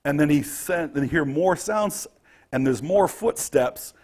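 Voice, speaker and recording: A man's voice: on the high side, lively intonation, unhurried, darkish tone, husky. A man running a tabletop game as game master, narrating the scene vividly.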